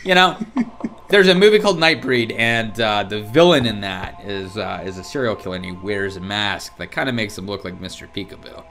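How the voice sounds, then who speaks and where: Faint music sits behind a man with a lowish, fairly bright voice talking at normal speed. Co-hosting a horror game playthrough, he teases his partner in sarcastic, profane gaming commentary.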